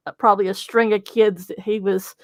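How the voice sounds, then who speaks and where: A woman's voice: medium pitch, little pitch movement, a little fast, no echo. A woman, a company co-founder telling a chatty, giggly story in an interview.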